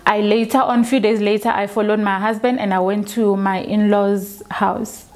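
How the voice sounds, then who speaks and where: A woman, telling her own story for a documentary, slow and halting with frequent restarts. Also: mid-range voice, flat delivery, darkish tone. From South Africa. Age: 20s. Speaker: documentary interviewee. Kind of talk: personal testimony.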